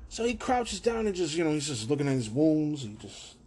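A man hosting a casual solo podcast from his own room, rambling, swearing and animated. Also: sits high, fairly quick, few pauses, breathy edge. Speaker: podcast host.

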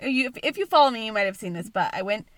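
Woman, thirties, casual podcast chat, animated storytelling, bright tone, a bit high. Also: quick pace. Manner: animated storyteller, acts out quotes. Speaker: podcast co-host.

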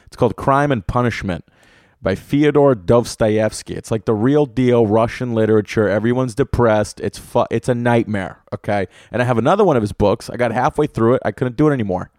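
Profane, animated young man ranting. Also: mid-range voice, brisk, no echo, studio quality. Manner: profane, animated storytelling with lots of swearing. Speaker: podcast host. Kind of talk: solo comedic rant. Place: room with an air conditioner.

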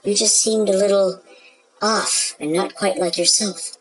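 A woman acts as a concerned, devoted, and puzzled wife in a comedy sketch, earnestly explaining herself to her husband. She speaks a little slowly in a natural, mid-range voice with fairly even intonation, and faint music plays behind her on a low-quality recording.

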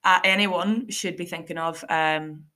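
Irish female podcast host, young adult, loose chatty delivery, voice sitting a touch low. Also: fairly even intonation, a little slow, pushed and bright. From Ireland. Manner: chatty, lots of fillers and quoted asides. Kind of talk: casual solo podcast monologue.

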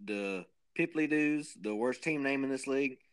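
A man's voice: medium pitch, moderate pace, smooth. A man co-hosting a podcast, rambling and joking in a self-mocking way. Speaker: podcast co-host. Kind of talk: casual chat.

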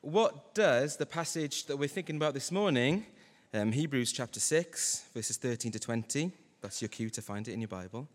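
Joking preacher with hall reverb. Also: male voice, fairly high pitch, fairly quick. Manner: conversational and humorous. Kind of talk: sermon. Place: church hall.

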